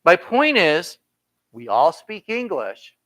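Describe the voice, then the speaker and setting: New guy teaching bible study, bright voice, kinda high, lots of "you know" and "right?" asides. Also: huge pitch swings, slow, dry recording, rough recording. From New York. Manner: conversational, folksy asides and rhetorical questions. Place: church Bible study room. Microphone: computer streaming the class.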